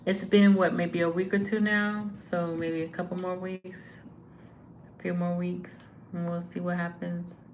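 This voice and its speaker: A young woman gives a tarot reading in a rambling, easygoing way, pausing on fillers and letting out sighs. Her voice sits fairly low for a woman. A faint hiss of noise runs under the recording. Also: level tone, darkish tone, low-quality recording. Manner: casual, halting, with many fillers and sighs. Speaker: tarot reader. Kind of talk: live tarot reading chat.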